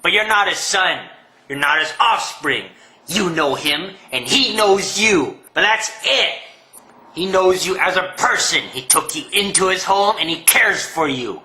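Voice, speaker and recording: High, sharp-voiced man on a sarcastic rant. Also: lively intonation, measured pace, echoey room, a little hiss or hum, low-quality recording. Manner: sarcastic, profane ranting. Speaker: comedian. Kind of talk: comedic rant monologue.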